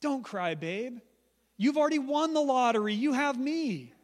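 A man's voice: very high voice, animated, moderate pace, voice pushed up. A man voicing a well-meaning but clueless biblical husband, raised and fussing. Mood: smug. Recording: long church reverb.

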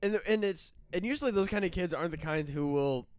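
A man's voice: sits high, quick pace. A young man, a guest on a podcast, telling personal stories in casual, profane chat. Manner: profane, storytelling with laughs and fillers. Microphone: studio mic.

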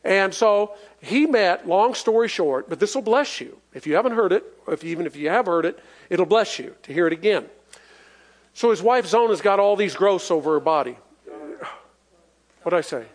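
A man's voice: sits high, expressive, moderate pace. A man preaching a sermon in a folksy, emphatic way, asking the congregation for responses and chuckling as he goes.

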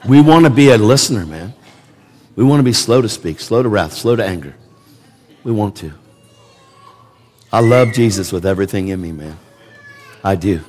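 A man's voice: on the low side, expressive, normal speed, pauses often, a little mellow. A man preaching a sermon in an emphatic, conversational way, repeating words for emphasis. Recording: long reverb of a large hall.

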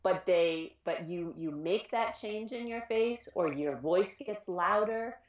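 A woman who works with children in schools, giving an informal talk on trauma, earnest and animated, often restarting her sentences. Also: fairly low pitch, slow, echoey room. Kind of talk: informal educational presentation.

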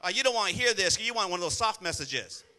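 This pastor's voice sits high, sharp and fast, with lively intonation. Preaching a sermon in a church, he scolds bluntly and keeps prompting the congregation to answer "amen."

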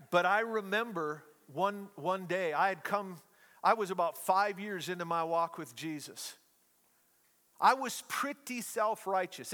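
A middle-aged man preaching a sermon to a congregation, telling stories with playful, animated asides. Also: high voice, long reverb tail. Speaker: pastor. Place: church hall, live congregation.

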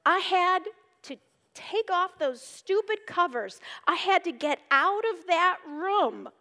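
Woman, high voice, slow unhurried delivery, earnest devotional teaching, long hall reverb. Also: animated. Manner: earnest, emphatic, moves between urgent and hushed; reads scripture aloud and explains it. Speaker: speaker at a church gathering.

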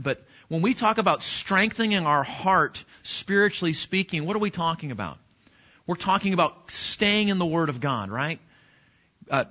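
A male pastor delivers a sermon in a conversational way, asking his listeners rhetorical questions. His voice sits high and sounds bright and forceful. The recording is dull and lo-fi.

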